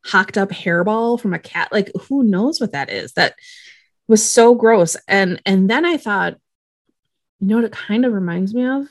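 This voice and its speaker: A woman's voice: medium pitch, expressive, normal speed, dry recording. A woman co-hosting a casual podcast, talking expressively and laughing easily. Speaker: podcast co-host. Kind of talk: casual chat.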